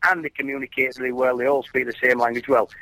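Guy, ex racer, bright voice, dry close sound, chatty and animated. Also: mid-range voice, quick pace, dry recording, rough recording. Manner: animated storyteller, many restarts. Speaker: former racer and commentator guest. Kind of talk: casual chat.

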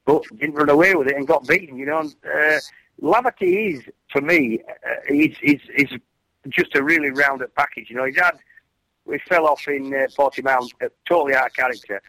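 A former racer appearing as a commentator guest chats casually, an animated storyteller who restarts his sentences a lot. His voice is on the high side and brisk, and the recording is dry and low in quality.

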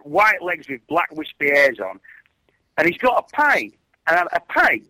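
A man's slightly high, somewhat slow voice comes through a dry, low-quality recording. He's a former racer and commentator guest in a casual chat, telling animated stories with lots of restarts.

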